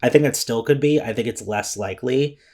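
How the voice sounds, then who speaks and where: A man's voice: mid-range voice, a little fast, darkish tone. A man vlogging casual commentary in a rambling, emotional way, with many fillers, restarts and some swearing. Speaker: vlogger reviewing a comic chapter.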